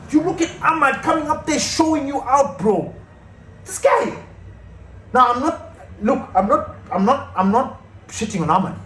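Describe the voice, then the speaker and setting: A man's voice: high voice, a bit bright. A man ranting heatedly as a football fan channel host, swearing and repeating himself in outbursts. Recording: echoey room with faint noise.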